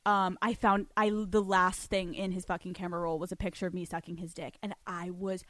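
A woman's voice: lowish voice, a little fast, dry recording. A young adult woman hosting a podcast, chatting casually and bluntly with lots of swearing, telling stories and answering listener letters. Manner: blunt, profane, animated storytelling. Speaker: podcast host. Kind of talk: casual advice chat, reading listener letters.

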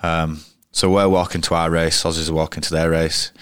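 A man's voice: extremely low pitch, flat delivery, fairly quick, fairly bright tone, clear, resonant tone, dry recording, studio quality. A man in his thirties, a cricketer guest telling anecdotes in a rambling, casual way full of restarts. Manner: rambling, frequent restarts and fillers. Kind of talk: casual storytelling interview.

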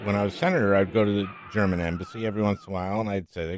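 A man's voice: lowish voice, quick pace, few pauses, no room sound, clean studio sound. An older man hosting an interview, chatting in a joking, enthusiastic way and often repeating words for emphasis. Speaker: podcast host. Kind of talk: casual interview chat.

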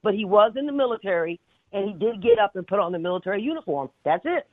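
A woman calling in to a radio show, a fast, chatty storyteller. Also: mid-range voice, very animated, no echo. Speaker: caller. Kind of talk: telling a dream on a call-in show. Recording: tinny phone line.

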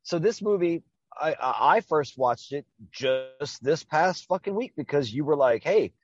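A man's voice: fairly high pitch, expressive, muffled recording. Profane joking male podcast host. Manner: profane, joking, talks in quick bursts. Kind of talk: casual crude podcast banter.

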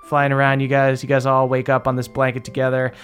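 A man's voice: medium pitch, monotone, quick pace, fairly bright tone. Man, game master, laid-back narration, filler words, faint music behind.

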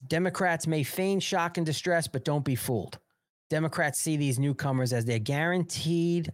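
A man's voice: a little high, dry recording. Man ranting hard in a dry room. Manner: emphatic ranting with repetition and swearing. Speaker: host of a political talk show. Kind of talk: live political commentary.

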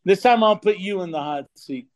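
A man with a notably high voice talks as a podcast guest on a remote call. He swears freely and laughs easily as he tells his stories. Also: expressive, a little fast. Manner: profane, laughing storyteller. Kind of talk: casual chat.

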